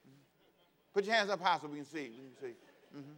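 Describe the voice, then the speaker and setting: A man's voice: fairly high pitch, lively intonation, a little fast, pushed and bright. Humorous pastor, man, preaching conversationally. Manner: conversational, humorous, asks congregation to repeat phrases; acts out quoted voices of kids and parents. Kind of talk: sermon.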